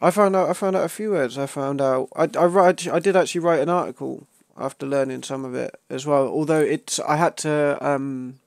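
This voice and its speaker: Male podcast host, higher voice with gravel, dry close sound, jokey and laughing. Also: brisk, few pauses, no room sound. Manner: laughing, joking, fond of memes. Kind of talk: casual gaming podcast chat.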